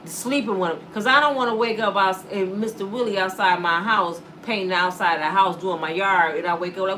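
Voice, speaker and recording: A woman YouTuber giving blunt, animated commentary to her viewers and acting out the voices of people she quotes. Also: mid-range voice, a little fast, hardly any pauses, far from the mic, a little hiss or hum. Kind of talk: casual commentary to camera.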